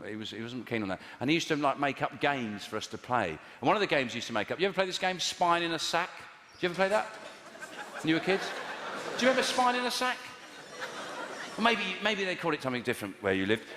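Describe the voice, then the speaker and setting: This English stand-up comedian talks fast in a fairly high, sharp voice with big pitch swings, bantering with a live audience as he rambles, self-corrects, and acts mock-outraged. The echoey hall adds slight background noise.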